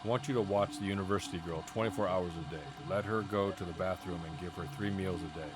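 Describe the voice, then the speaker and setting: A man's voice: deep voice, steady tone, fast, background noise, lightly acted. A man voicing a ruthless male guerrilla leader who gives cold, commanding orders.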